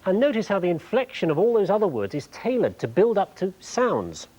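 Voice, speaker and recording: A man presenting a TV show, explaining technology clearly with a light humorous touch in a studio. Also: high-pitched, huge pitch swings, brisk, warm tone, poor audio.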